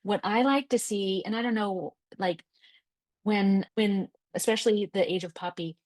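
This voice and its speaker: A woman guest in casual conversation, telling lively stories and acting out quoted voices. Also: medium pitch, normal speed, dry recording. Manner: animated storyteller, acts out quoted voices. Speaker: podcast guest.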